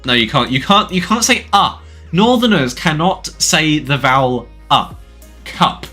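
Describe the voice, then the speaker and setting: A man's voice: fairly high pitch, expressive, sharp tone, slightly rough, faint music behind. A man with a South London accent, chatting casually and jokingly while streaming a game. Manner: jokey, rambling, quick to laugh.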